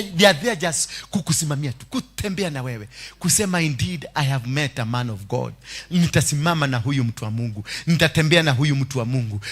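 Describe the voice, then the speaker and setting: A Kenyan man preaching a sermon as pastor, shouting and laughing with the congregation. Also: on the high side.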